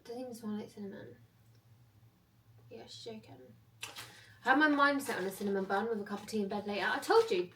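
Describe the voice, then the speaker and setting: A woman's voice: mid-range voice, fairly quick, pauses often, fairly bright tone, far from the mic, slight background noise. A young woman from chatting casually to her phone camera, self-mocking and rambling as she tells stories. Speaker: vlogger. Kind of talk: casual vlog chat.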